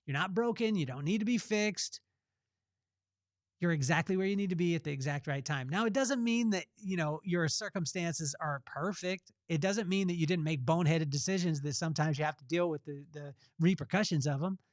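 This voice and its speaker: A man's voice: fairly high pitch, brisk, dry recording, clean studio sound. A man hosting a podcast, giving a faith-based motivational talk in a conversational way and repeating phrases for emphasis. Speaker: podcast host.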